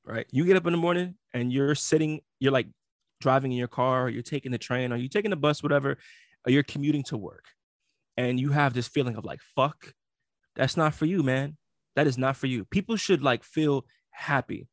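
A man's voice: medium pitch, brisk, no echo, studio quality. A man co-hosting a podcast in casual chat, blunt and profane, lecturing his listeners. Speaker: podcast co-host.

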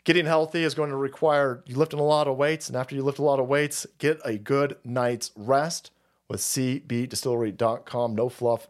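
Sarcastic, foul-mouthed male streamer. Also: medium pitch. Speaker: streamer host. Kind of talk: profane political rant with ad reads.

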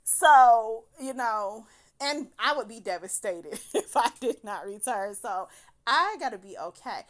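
A woman's voice: fairly high pitch, expressive, measured pace. A woman casually telling a personal story, swearing freely and laughing through her words.

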